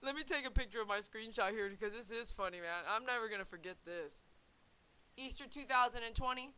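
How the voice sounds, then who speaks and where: A woman talking casually on her vlog in an animated, slangy way. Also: a little high, fairly quick, smooth, rough recording. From United States. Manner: animated, laughing, slangy with "man" fillers. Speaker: vlogger. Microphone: headset.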